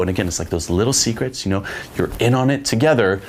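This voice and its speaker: A man's voice: lowish voice, expressive, quick pace, a little hiss or hum. Casual, profane male dating coach. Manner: casual and profane, keeps checking in with "okay?". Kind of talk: instructional monologue.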